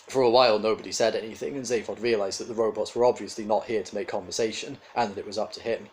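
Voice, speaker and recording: A man reading a novel aloud for his online audience, in a lowish voice. The narration is steady and plain. When he talks to viewers he turns friendly and animated. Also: fast, hardly any pauses, low-quality recording. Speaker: reader and channel host. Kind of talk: storybook reading and casual sign-off.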